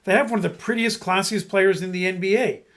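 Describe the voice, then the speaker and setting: A man's voice: high-pitched, fairly even intonation, a little fast, a bit bright. A man co-hosting a podcast, talking in an emphatic, speechifying way. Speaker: podcast co-host. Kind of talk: casual chat.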